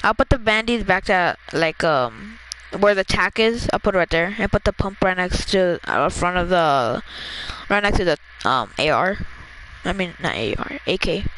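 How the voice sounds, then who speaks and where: A gamer chatting casually during a match, excitable and quick to laugh, giving a teammate quick instructions. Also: mid-range voice, slight background noise, poor audio. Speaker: gamer playing with a friend. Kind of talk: casual gameplay chat.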